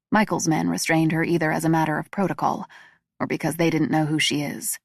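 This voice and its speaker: Female audiobook narrator: low, gravelly, steady reading, dry close-miked sound. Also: dry recording.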